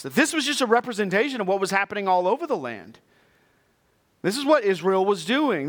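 A Texas pastor with a high, fairly bright voice reads scripture aloud to his congregation, then earnestly explains what it means.

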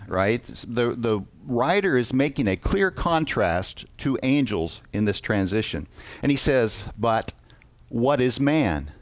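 A man of medium pitch preaches in a dry recording. Interactive in style, he asks the congregation questions, and his scripture reading is measured and aloud.

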